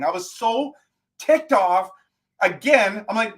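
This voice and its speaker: High-pitched man, livestream host, fan rant, exasperated and animated. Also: slow pace. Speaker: live stream host. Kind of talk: post-game fan talk.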